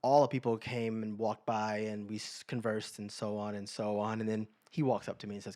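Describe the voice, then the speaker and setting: A podcast co-host, a man with a low-set voice. He tells personal stories in an easygoing conversational tone. He slips into quick, animated versions of the people he quotes. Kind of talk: casual storytelling chat.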